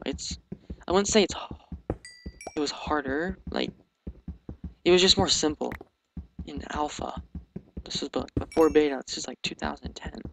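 A teenage boy giving casual, hesitant commentary over a game, talking quietly and mumbling, recorded at home on a sensitive microphone. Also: on the high side, gravelly. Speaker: let's play commentator. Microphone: sensitive desk microphone. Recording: noisy home mic recording.

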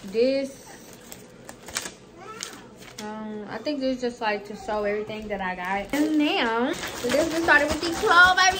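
A young woman with a high voice and a slight lisp talks straight to her viewers in a casual haul vlog. Her talk is slangy and chatty. Faint room noise sits under her voice on a camera mic at home. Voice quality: slight lisp from tongue piercing. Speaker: vlogger.

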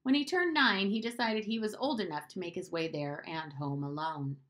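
A woman reading a novel aloud as an expressive narrator. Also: fairly low pitch, moderate pace. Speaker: audiobook reader. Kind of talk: storybook narration.

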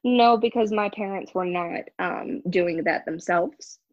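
A woman's voice: medium pitch, measured pace, dry recording, muffled recording. A young woman telling her story as an interview guest, candid and emphatic. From United States. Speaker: guest, ex-member of a church. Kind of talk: casual interview talk.

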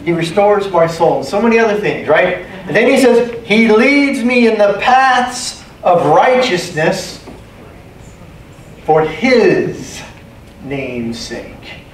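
A man's voice: high voice, very animated, takes it slowly, slight background noise. A man preaching a sermon as pastor, emphatic, repeating key phrases and calling for amens. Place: church sanctuary. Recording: echoey room, distant mic, faint ambience.

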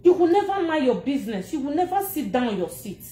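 A woman speaking in a Nigerian Pidgin English accent, ranting casually to camera in an animated, laughing and scolding way. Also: high voice, brisk, echoey room. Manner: animated, laughing, scolding and mocking, switching languages. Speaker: social media personality.

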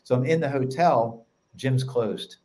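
A man with a Philadelphia accent, a podcast guest telling stories in an energetic, casual way. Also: mid-range voice. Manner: energetic storyteller, quick run-on sentences. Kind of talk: casual chat.

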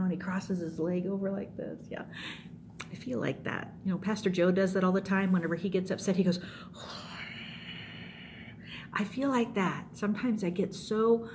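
Middle-aged woman preacher, lively youth talk, middle pitch. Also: a little hiss or hum. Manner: animated, acts out scenes with voices. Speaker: youth pastor. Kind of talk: youth sermon.

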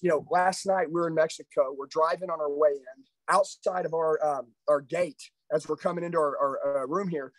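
A man's voice: on the high side, no room sound, poor audio. A middle-aged man giving a live motivational sales training, intense, confrontational and profane.

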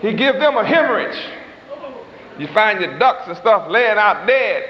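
A man preaches a sermon in a dramatic, folksy way, his voice sitting high and very animated as he stretches words out for emphasis, adds chuckling asides, and uses loose grammar. His delivery swoops dramatically with slow, drawn-out stresses while a crowd and background noise are heard. The recording has the sound of an echoey hall on muffled old tape.

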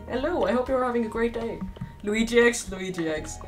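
A woman's voice: on the high side, normal speed. A young woman streaming live, chatting casually with her viewers, giggling and exclaiming a lot. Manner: giggly, bursts into laughter often; excitable, frequent exclamations. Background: faint background music.

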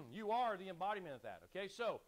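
A man preaching a sermon, urgent and exhorting, calling on the congregation to repeat lines back and clearing his throat now and then. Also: high-pitched, big pitch swings, brisk. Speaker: pastor.

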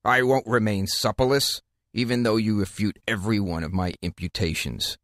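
Man voicing a low, accusing wolf. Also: fairly even intonation, moderate pace, a bit bright, no echo, clean studio sound, lightly acted. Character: menacing male wolf.

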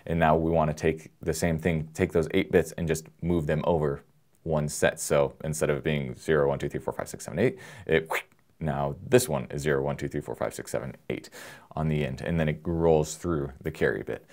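A man presenting an electronics lesson in a relaxed, joking way, explaining with everyday analogies. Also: very deep voice, normal speed. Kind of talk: casual technical lesson.

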